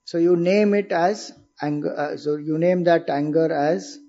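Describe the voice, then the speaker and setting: A spiritual teacher with an Indian accent speaks in a slightly high, mellow voice with a steady tone and measured pace, over soft background music on a lo-fi recording. He patiently explains his teaching and asks rhetorical questions of his listeners.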